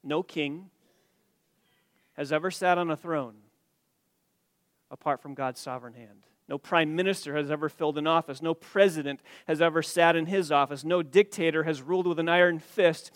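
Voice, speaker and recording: A man's voice: fairly high pitch, normal speed, no echo. Emphatic preacher man, dry close sound. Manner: emphatic, rising to loud stresses then dropping quiet. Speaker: pastor. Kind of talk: expository sermon.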